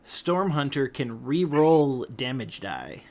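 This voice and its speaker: A man's voice: mid-range voice, very animated, takes it slowly, vocal fry. A man running a tabletop game as game master, announcing attacks and rolls in a matter-of-fact way.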